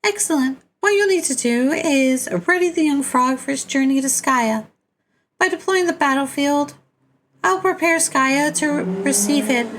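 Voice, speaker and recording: A woman's voice: high voice, pitched above the performer's own voice. A man playing a chirpy young girl guide. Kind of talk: reading a webcomic aloud with voices.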